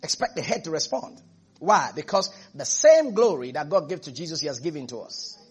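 A man's voice: on the high side, animated, brisk, slightly rough. A man preaching a sermon as pastor, repeating phrases and calling on his congregation. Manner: preaching with rising fervor and repetition, calls to congregation.

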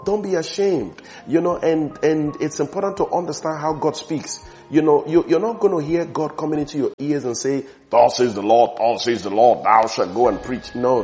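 A man preaching a sermon with emphasis, repeating words for stress and swinging between soft and loud passages. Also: on the high side.

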